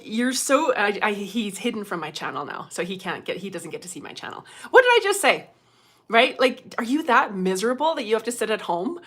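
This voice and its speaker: A woman's voice: on the high side, a bit bright. Chatty woman hosting a livestream. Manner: chatty, laughs often, greets viewers by name. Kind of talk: casual livestream chat.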